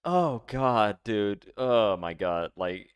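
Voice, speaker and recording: A man's voice: lowish voice, lively intonation, clear, resonant tone, no room sound, studio quality. A man streaming a reaction, talking casually with incredulous, profane mockery. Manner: incredulous, profane, quick to mock.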